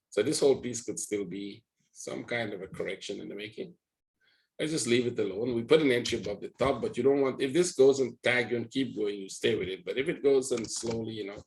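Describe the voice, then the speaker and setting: A trading educator teaches live with a lowish voice marked by vocal fry, and the recording quality is poor. He rambles through price charts for his viewers, checking in constantly with "right?"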